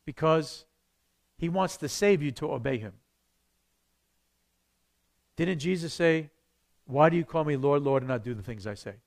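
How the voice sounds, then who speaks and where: A man, a pastor, teaching a church evangelism class in a conversational, animated way, acting out the voices he quotes. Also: on the high side, a little slow, vocal fry, long pauses.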